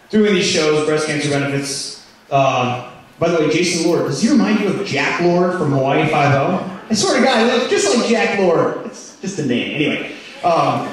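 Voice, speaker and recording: A man's voice: on the high side, distant mic, a little hiss or hum. A man doing a stand-up comedy routine, telling rambling stories full of "like" and "you know". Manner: rambling storytelling, lots of "like". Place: comedy club stage. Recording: echoey room, mic heard from afar.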